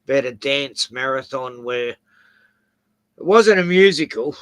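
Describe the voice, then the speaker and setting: A man's voice: medium pitch, animated, measured pace, fairly bright tone, smooth, dry recording. A man with an Australian accent hosting a casual chat, rambling through anecdotes with chuckles. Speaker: host.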